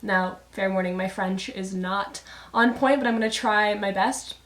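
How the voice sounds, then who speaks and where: A woman's voice: mid-range voice, moderate pace, fairly bright tone. A young woman student chatting enthusiastically as she explains her project in a home basement. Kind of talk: casual explanatory video. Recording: echoey basement room.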